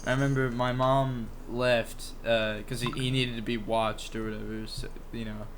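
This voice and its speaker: A man's voice: mid-range voice, level tone, moderate pace, fairly bright tone, a little hiss or hum. A young man co-hosting a podcast, telling a pet story in a rambling, casual way with lots of fillers, restarts and swearing. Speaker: podcast co-host. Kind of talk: casual chat.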